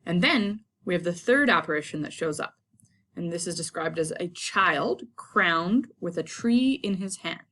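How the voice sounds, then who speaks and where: A woman's voice: fairly low pitch, fairly bright tone. A woman teaching a lesson in a chatty, casual way, retelling the story in everyday slang. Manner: chatty, paraphrases characters in slang.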